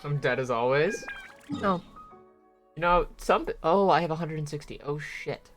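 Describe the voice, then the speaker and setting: A man's voice: fairly high pitch, animated, normal speed, fairly bright tone, faint music behind. A man chatting casually on a live stream while he plays, rambling and swearing as he grumbles at the game.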